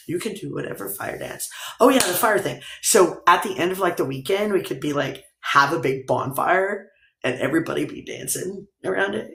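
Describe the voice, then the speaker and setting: A woman's voice: low voice, vocal fry. A woman hosting a casual livestream, rambling, laughing often and swearing casually. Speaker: livestream host. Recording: roomy echo.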